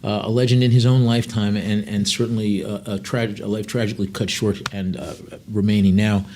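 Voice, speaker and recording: A man's voice: on the low side, little pitch movement, fairly quick, darkish tone. Chatty man calling a live auction. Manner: chatty, digressive, many fillers between bid calls.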